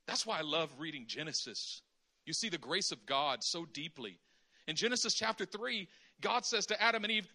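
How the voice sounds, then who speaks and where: A man preaching a sermon in an animated way, acting out conversations in different voices. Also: fairly high pitch, moderate pace.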